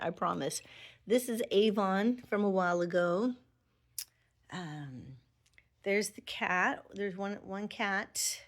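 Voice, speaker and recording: A middle-aged woman chatting fondly at home by her Christmas tree, thinking aloud as she shows her ornaments. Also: mid-range voice. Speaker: Avon representative. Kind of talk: casual home vlog.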